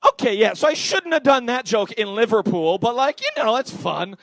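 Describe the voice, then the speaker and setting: Canadian guy doing standup, kinda high voice, rambly and self-deprecating, dry close mic. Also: animated, normal speed, a bit bright, no room sound. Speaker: stand-up comedian. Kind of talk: stand-up set. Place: comedy club stage.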